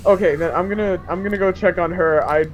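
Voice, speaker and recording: A woman's voice: on the low side, quick pace. A woman playing a tabletop game, hesitant and giggly, with lots of ums. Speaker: player. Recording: muffled with clear background noise.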